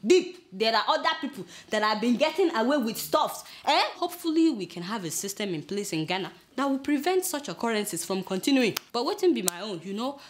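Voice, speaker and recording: A woman's voice: fairly high pitch, sing-song, fairly quick, few pauses, slight background noise. A woman with a Nigerian accent hosting a satirical news commentary, mocking and exclaiming and talking back to her crew. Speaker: host.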